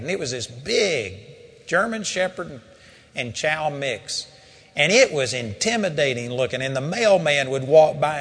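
A man's voice: on the high side, slightly rough. Older man preaching an emphatic sermon. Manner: storytelling, rising to emphatic exhortation.

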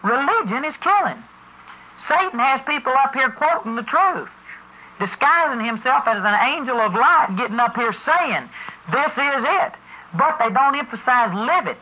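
A man preaching a sermon in a folksy, storytelling way. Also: very high-pitched. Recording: muffled lo-fi recording.

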